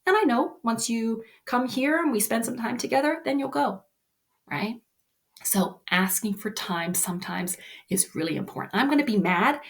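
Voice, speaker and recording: Gentle woman coaching kids. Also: mid-range voice. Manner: gentle, reassuring, often ending with "right?". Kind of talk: explaining lesson to children.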